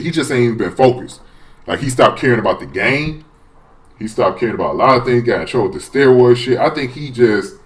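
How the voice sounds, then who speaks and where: A man giving a casual, profane sports rant as a fan vlogger, rambling and excitable with many restarts. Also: mid-range voice.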